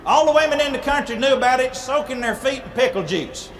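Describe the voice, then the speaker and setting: A man telling a comic story to a live audience in a folksy, animated way, with sound effects. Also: very high voice, brisk, long reverb tail, noisy background.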